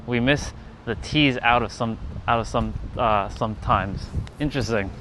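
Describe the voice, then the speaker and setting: A man's voice: medium pitch, normal speed, bright, forceful tone, a little hiss or hum. A man chatting casually on a live stream outdoors, rambling with lots of fillers and laughing at himself. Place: outdoors near a park.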